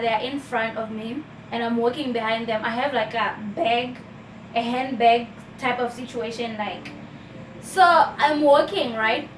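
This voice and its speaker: A young woman with a South African accent recounts a story for her vlog in an animated, chatty way. Her voice sits high. She is a little distant from the mic in an echoey room, with faint background noise. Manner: animated storytelling, often addresses viewers as "guys". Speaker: vlogger.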